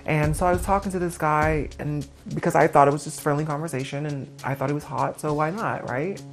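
A woman's voice: deep voice, brisk. A woman in an interview telling a candid personal story, speaking plainly with lots of filler words. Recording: music bed underneath.

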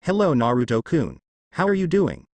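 Protective young ninja woman, read by a man, fierce yet gentle, teasing, lively swings in pitch, dry close sound. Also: normal speed, gravelly, no room sound, full character voice. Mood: playful teasing. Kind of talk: fanfiction audiobook reading.

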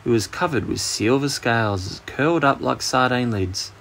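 A man with an Australian accent narrating a children's bedtime story with expressive storytelling. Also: mid-range voice, normal speed, vocal fry, a little hiss or hum.

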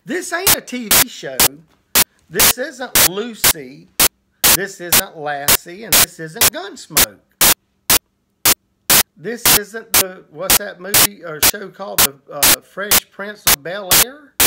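A man's voice: sits high, animated, slow, gravelly, over loud music, low-quality recording. A man, an evangelist preaching earnestly to camera with repetitions. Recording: heavy static hiss.

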